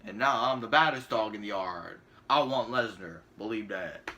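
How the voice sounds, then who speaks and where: A man doing a mocking impression of a boastful, cocky male wrestler in a lowered voice. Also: normal speed, sharp tone, a little hiss or hum. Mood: mocking swagger.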